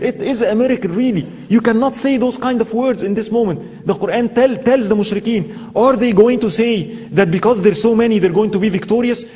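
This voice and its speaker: A man delivers a sermon talk in a fairly high but mellow voice. He tells stories and throws out emphatic rhetorical questions to his listeners. His voice carries a long reverb from a lecture hall. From Egypt. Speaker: Islamic speaker.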